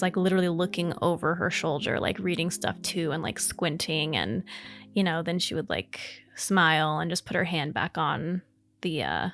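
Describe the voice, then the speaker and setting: Young woman, casual ghost story podcast host, lowish voice, rambling, faint music behind. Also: creaky, a bit bright. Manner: rambling, lots of fillers, emotional at times.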